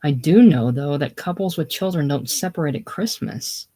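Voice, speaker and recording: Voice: medium pitch, animated, moderate pace, warm tone, breathy edge. A reader doing a huffy young bride.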